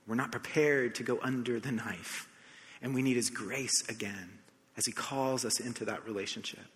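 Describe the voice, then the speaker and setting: A man from the United States preaching a sermon, telling a personal story with animated shifts between soft reflection and excited emphasis. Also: medium pitch. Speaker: pastor. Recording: long hall reverb.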